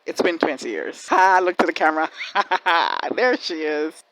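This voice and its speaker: A woman hosting a reaction video, giving casual commentary in an excitable way, laughing often and talking back at the screen. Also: low voice, unhurried, a little hiss or hum, poor audio.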